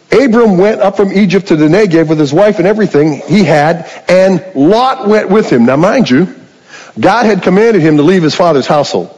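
A man's voice: sits high, darkish tone, long reverb tail, low-quality recording. Man preaching with rhetorical questions. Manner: conversational storytelling with rhetorical questions. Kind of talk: sermon.

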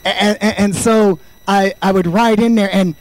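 A man in his fifties preaching a sermon, fervent, swinging between loud shouts and quiet storytelling. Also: high voice, steady tone, measured pace, no room sound, poor audio. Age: 50s. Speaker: pastor.

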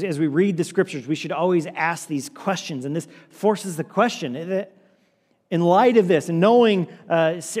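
A man preaching a sermon as pastor, earnest and repetitive, sometimes dropping his voice low and quiet for emphasis. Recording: long hall reverb.

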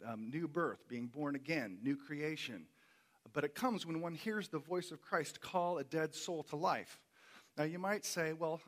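A man's voice: medium pitch, fairly bright tone. A man preaching a sermon as a pastor, earnest and emphatic, repeating key words for weight.

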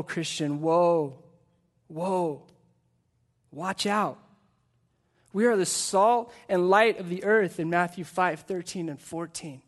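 A middle-aged man, a pastor preaching a sermon into a pulpit microphone, earnest and emphatic, asking the congregation rhetorical questions. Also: high-pitched.

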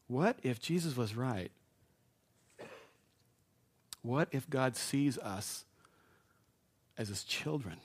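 A man preaching a sermon to a live congregation in a conversational way, with asides and self-deprecating jokes. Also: mid-range voice.

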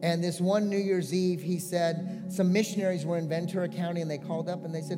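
A man's voice: high voice, fairly even intonation, fairly quick, in a large hall, music in the background. A male pastor giving a sermon, telling a story earnestly and building to a pleading call to his congregation.

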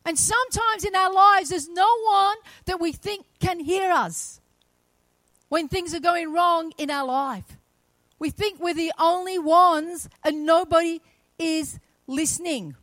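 A woman delivers a sermon, retelling a story with dramatic flair and voicing its characters. Her voice sits high. The sound is dry and close, with little room echo. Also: slow pace, fairly bright tone. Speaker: preacher.

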